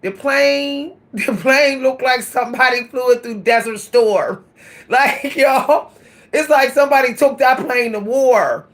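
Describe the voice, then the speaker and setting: Slow-talking woman telling a funny story. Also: high-pitched. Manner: animated, laughing, addresses listeners directly. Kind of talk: casual storytime.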